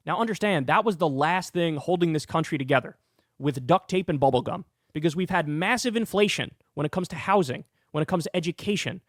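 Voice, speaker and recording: A man's voice: high-pitched, fairly bright tone, dry recording. A man delivering urgent, profane political commentary as the host of his show, speaking emphatically into a close mic.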